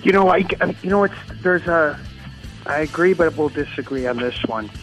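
Male guest, firm and brisk, slightly high, music under. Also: animated, a bit bright, poor audio. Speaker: guest picker. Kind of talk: casual sports chat.

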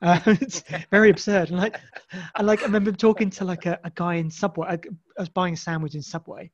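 A man's voice: high-pitched, fairly even intonation, a little fast. An English man chatting as a podcast guest, rambling with many restarts and fillers. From England. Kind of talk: casual podcast conversation. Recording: dull lo-fi sound.

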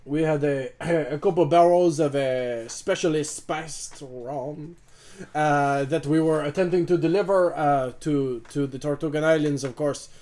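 A man's voice: medium pitch, dark tone, natural voice. A man putting on a bumbling shipwrecked sailor. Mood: flustered. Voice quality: exaggerated, wobbling foreign accent. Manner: halting, full of ums and restarts. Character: hapless male sailor who lost his cargo.

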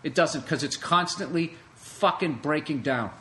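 A man's voice: a little high, measured pace, bright, forceful tone, a little hiss or hum. A man hosting a podcast, ranting alone in a sarcastic, profane comedic way. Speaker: podcast host. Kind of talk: solo comedic rant.

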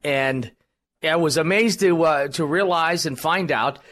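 A man's voice: fairly high pitch, unhurried, fairly bright tone. A man hosting a political talk radio show, rambling and combative, with many fillers.

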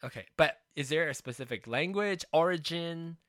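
Lively, bright-toned podcast host, rambling. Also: mid-range voice, dry recording, clean studio sound. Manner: rambling, halting, full of restarts. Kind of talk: casual podcast chat.

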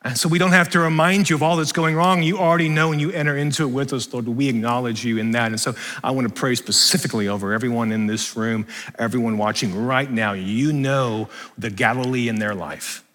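A man preaching a sermon to a congregation in a church, building with impassioned repetition and later praying softly. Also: medium pitch, fairly even intonation, fairly quick, long reverb tail. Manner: soft, hushed praying. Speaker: pastor. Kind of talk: sermon with closing prayer. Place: church hall with live congregation.

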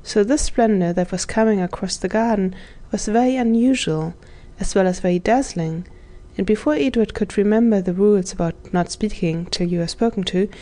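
A woman narrating a children's storybook in a measured, even reading voice. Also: mid-range voice. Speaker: audiobook narrator.

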